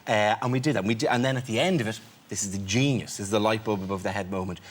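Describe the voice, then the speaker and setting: A man with an Irish accent, a comedian guest on a chat show, telling a lively comic anecdote and tagging lines with "right?". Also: fairly low pitch, quick pace. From Ireland. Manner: lively storytelling, tags lines with "right?", laughs through his words; slips into silly voices for people in his stories.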